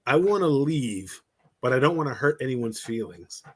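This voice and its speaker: A man with a breathy, husky voice talks relationships as a coach on a podcast. He is blunt and lively, swears casually, and acts out everyday scenes to make his point. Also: medium pitch, normal speed.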